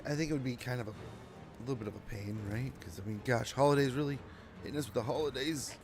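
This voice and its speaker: A man's voice: medium pitch, fairly quick, a little hiss or hum. A young man giving casual, rambling, self-deprecating commentary while playing a strategy game. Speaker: gaming streamer.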